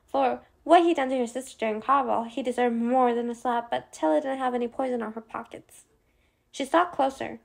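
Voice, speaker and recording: A woman narrating a novel as an expressive audiobook reader. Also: a little high, a little fast, gravelly. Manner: expressive reading with small slips. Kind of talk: scripted narration.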